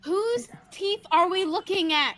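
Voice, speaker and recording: A woman's voice: extremely high pitch, a little slow, a bit bright. A woman playing a tabletop game, describing her character's actions playfully. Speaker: player. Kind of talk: tabletop role-play.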